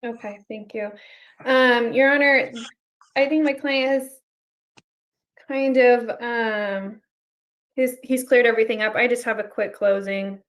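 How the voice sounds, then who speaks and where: A woman with a fairly high voice advocating for a client in court. She keeps it brief and polite, prompting her client and addressing the bench. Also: fairly even intonation, unhurried, pauses often, fairly bright tone.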